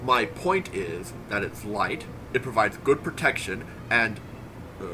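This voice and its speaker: Actor doing an eager goofy henchman inventor, animated voice, middle pitch. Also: a little slow, background noise, lightly acted. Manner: eager, showy. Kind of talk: audio drama acting.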